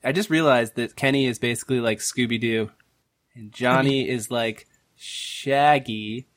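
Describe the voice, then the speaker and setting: A man's voice: medium pitch, fairly even intonation, a little slow, no echo. Joking irreverent man, dry close sound. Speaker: player. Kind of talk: casual podcast banter.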